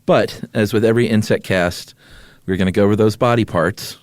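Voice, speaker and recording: A man's voice: on the low side, steady tone, brisk, dry recording, clean studio sound. A man co-hosting a podcast, explaining things in an easygoing way and laughing often. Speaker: podcast co-host. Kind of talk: casual chat.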